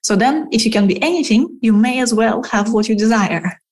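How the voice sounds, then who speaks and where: A woman guest on a podcast, a spiritual mentor who speaks in an unhurried, flowing way full of "like" and acts out her clients' voices as she talks. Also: on the high side. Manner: unhurried, flowing delivery with many "like" fillers. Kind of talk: reflective conversational interview.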